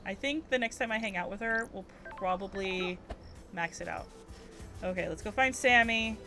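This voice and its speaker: A woman's voice: medium pitch, moderate pace, sharp tone, faint music behind. A woman streamer giving casual gameplay commentary, muttering to herself, swearing and thinking aloud in scattered bursts.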